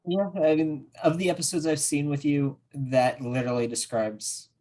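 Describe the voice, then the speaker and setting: A man co-hosting a casual anime talk show, answering in a relaxed, brief way. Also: fairly high pitch, moderate pace. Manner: laid-back, brief replies. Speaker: podcast co-host. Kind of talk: casual chat.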